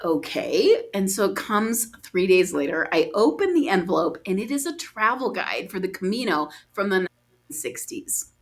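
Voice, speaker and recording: Animated woman guest telling a story. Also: normal speed. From United States. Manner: acts out quoted dialogue with big pitch jumps, laughs often. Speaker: podcast guest, author.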